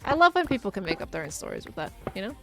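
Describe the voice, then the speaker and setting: A woman's voice: medium pitch, huge pitch swings, racing, creaky, soft background music. A woman chatting casually and giggling as she thinks aloud while playing a game. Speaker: gaming streamer.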